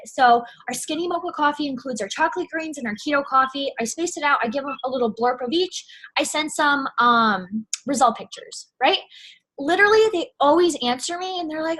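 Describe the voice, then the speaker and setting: A young woman who sells through network marketing gives casual sales advice in a chatty vlog, peppered with "like" and "you know what I'm saying". Her voice is high-pitched, animated, brisk, and fairly bright.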